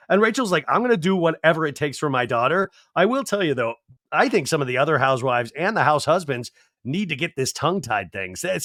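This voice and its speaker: A man hosting a podcast, giving an animated, digressive, jokey recap of a reality show. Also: on the high side, dry recording, clean studio sound. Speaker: podcast host. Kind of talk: casual comedic TV recap.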